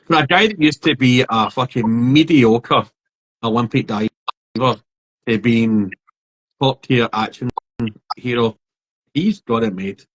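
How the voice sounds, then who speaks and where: A man's voice: medium pitch, measured pace, long pauses, rough recording. Rambling man on a podcast. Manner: rambling, animated storyteller. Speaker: podcast co-host. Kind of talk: casual chat.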